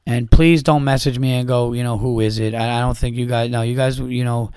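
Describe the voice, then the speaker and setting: This podcast host speaks alone in a smooth, darkish, mid-range voice with a level tone and a fairly quick pace. The studio-quality sound has no echo. His casual monologue is rambling, exasperated, and profane, packed with restarts and asides.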